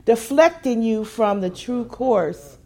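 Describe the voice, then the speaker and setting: A woman preaching a sermon, musing quietly at times and building to emphatic, repeated phrases at others. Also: fairly high pitch, lively intonation, slow.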